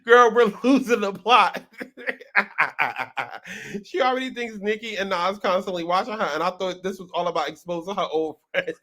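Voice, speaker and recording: A man's voice: sits high, normal speed, bright, forceful tone. A man hosting casual reaction commentary, talking in a sassy way, laughing often and repeating words for emphasis. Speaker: host.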